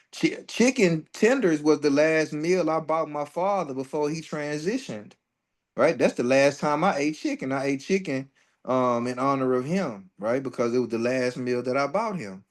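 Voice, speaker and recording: A man's voice: mid-range voice, expressive, normal speed. A man teaching an astrology workshop in a loose, profane, joking way. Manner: loose and profane, jokes and laughs between readings. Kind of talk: casual astrology workshop talk.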